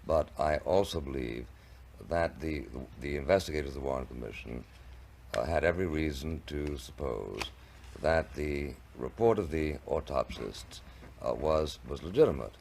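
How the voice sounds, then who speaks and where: A man with an extremely deep, gravelly voice argues in a televised debate. He stammers through restarts and chooses ornate, wry phrasing. The sound comes from an old 1960s TV recording. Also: animated, moderate pace, a little mellow, a little hiss or hum.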